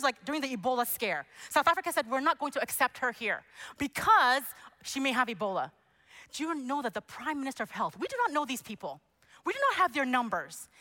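A woman preaching a passionate sermon that builds to loud exclamations. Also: high-pitched.

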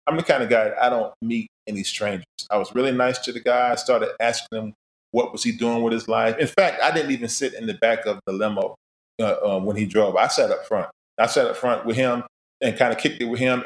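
A middle-aged man, a musician and podcast guest, telling his life stories in a casual, animated way and acting out past conversations. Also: medium pitch, roomy sound. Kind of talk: casual storytelling interview.

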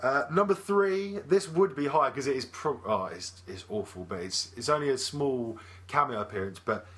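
A man co-hosts a casual film podcast, chatty and quick to laugh. His voice is bright and forward, and his pitch sits in the middle range for a man. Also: animated. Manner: chatty, laughs often, jokey asides. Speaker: podcast co-host. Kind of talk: casual movie chat.

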